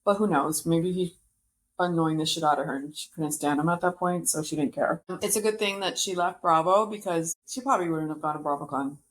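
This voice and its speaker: A woman's voice: sits low, a little fast. A woman hosting a podcast, chatting casually and gossiping about reality TV with frequent laughs. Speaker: podcast host.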